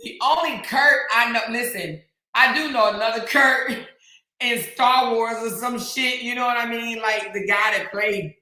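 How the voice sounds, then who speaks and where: A woman's voice: on the high side, a little slow, bright, forceful tone. A woman hosting a livestream, reading chat to her viewers in slang and laughing so hard she is in tears and keeps breaking off mid-sentence. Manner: talks straight to her viewers with lots of slang. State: crying with laughter. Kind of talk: casual chat. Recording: very echoey room.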